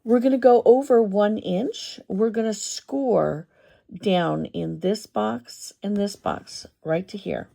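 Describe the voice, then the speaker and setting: Woman craft host: heavy vocal fry, mellow tone, demonstrating step by step. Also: medium pitch. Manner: step-by-step, unhurried, thinking aloud. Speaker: papercraft tutorial host.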